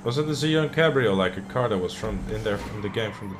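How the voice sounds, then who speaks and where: Ranting, swearing Dutch-accented streamer. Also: male voice, on the low side, lively intonation, a little fast, noisy background. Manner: ranting, swearing, shouting at teammates. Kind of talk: casual gaming commentary.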